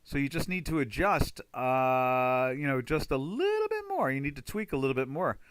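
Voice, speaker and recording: A man hosting a live trading webinar in a chatty, rambling way, now and then exclaiming loudly. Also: mid-range voice, sing-song, moderate pace, clear, resonant tone, dry recording. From United States. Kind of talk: casual live webinar talk.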